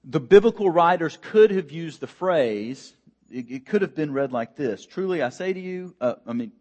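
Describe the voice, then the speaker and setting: A man's voice: fairly high pitch, animated, normal speed, darkish tone. Man preaching a casual sermon. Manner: conversational preaching with frequent fillers and restarts. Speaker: pastor.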